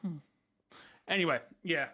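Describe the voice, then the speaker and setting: A man's voice: a little high, measured pace, bright, forceful tone. A man hosting a casual reaction stream, rambling and second-guessing himself as he thinks aloud. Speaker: host reacting to a video.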